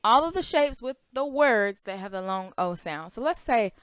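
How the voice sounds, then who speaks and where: A woman's voice: fairly high pitch, animated, moderate pace, fairly bright tone, clean tone, no room sound, clean studio sound. A woman teaching a children's phonics lesson, stretching out vowel sounds and asking the class questions.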